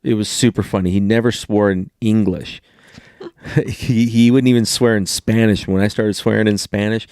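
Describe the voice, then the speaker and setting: A man co-hosts a podcast in a relaxed, easygoing way, swearing offhandedly as he tells stories about his family. His voice sits a little low. The recording is close and dry. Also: normal speed, clear, resonant tone, no echo. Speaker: podcast host. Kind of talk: casual chat.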